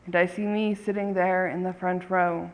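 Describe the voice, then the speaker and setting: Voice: mid-range voice, level tone, moderate pace, lightly acted. A storyteller voicing a curious, outspoken little girl who asks frank questions, recorded with long reverb.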